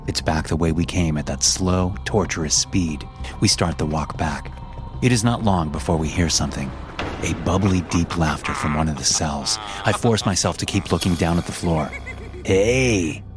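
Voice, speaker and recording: A man with a very deep, low voice tells a first-person horror story. His delivery is tense and measured, with faint music playing softly behind him.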